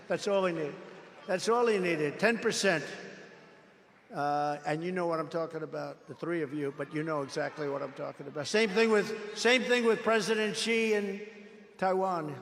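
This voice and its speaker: A man's voice: a little high, normal speed, a bit bright, long reverb tail, a little hiss or hum. A man giving an off-the-cuff political rally speech, boastful and repetitive, telling rambling stories in a large indoor venue. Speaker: political speaker.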